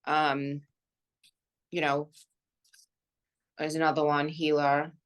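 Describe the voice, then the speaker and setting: A woman, an intuitive reader, talking in casual chat, halting and thoughtful with many fillers. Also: deep voice, little pitch movement, clean tone.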